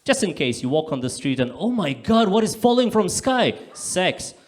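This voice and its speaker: A man performing live stand-up comedy on a club stage, delivering deadpan punchlines and bursting into loud acted-out voices. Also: high voice, normal speed.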